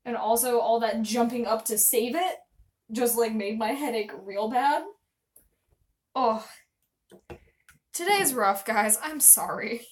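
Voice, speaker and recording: High-voiced chatty young woman streamer. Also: takes it slowly, long pauses. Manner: chatty, self-deprecating, rambling. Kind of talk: casual live-stream chat.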